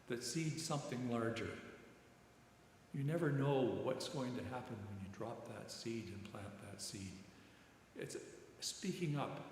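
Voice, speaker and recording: A man's voice: mid-range voice, darkish tone. Older man, rambling sermon in echoey hall. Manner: rambling, halting storytelling with many repeated words. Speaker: retired military chaplain giving a reflection. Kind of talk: informal sermon reflection. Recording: very echoey church hall, long reverb, faint background noise.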